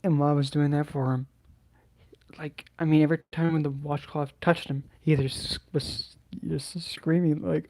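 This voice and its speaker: Subdued man with a flat, mellow voice. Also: a little high. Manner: halting, hesitant, with many restarts and sighs. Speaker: channel host. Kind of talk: personal storytelling to camera.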